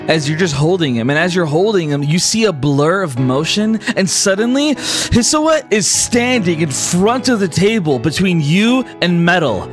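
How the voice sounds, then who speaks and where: High-voiced man running a tabletop game. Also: big pitch swings, normal speed, soft background music. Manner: filler-heavy, lots of "like". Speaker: game master.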